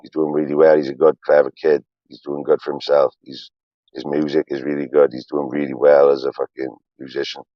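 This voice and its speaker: A man's voice: extremely low pitch, level tone, a little fast, no echo, dull audio. A man in his forties, a streamer, rambling on a livestream in a profane, emotional, confessional way.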